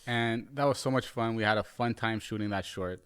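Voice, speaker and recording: A man's voice: fairly low pitch, a little fast, clear, resonant tone. Guy hosting a chill interview podcast, lots of mm-hmms and restarts. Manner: relaxed, frequent backchannel "mm-hmm" and repeated words. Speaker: podcast host. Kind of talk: casual interview chat.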